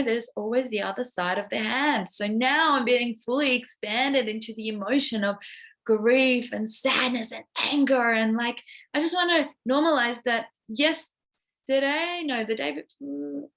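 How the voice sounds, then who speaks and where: A young woman in a personal vlog, talking openly and emotionally, full of "like" fillers, moving from excitement to hushed vulnerability. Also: fairly high pitch. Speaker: coach sharing a personal update.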